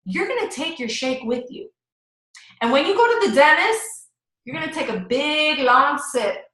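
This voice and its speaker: A woman's voice: high-pitched, expressive, normal speed, bright, forceful tone, roomy sound, poor audio. A woman coaching her team in a casual live stream, chatty and enthusiastic, speaking straight to her viewers.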